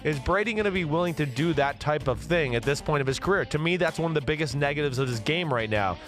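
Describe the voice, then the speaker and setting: A man's voice: on the high side, expressive, quick pace, a bit bright, soft background music. A middle-aged man and former quarterback co-hosting a casual sports talk show, rambling with many fillers and restarts.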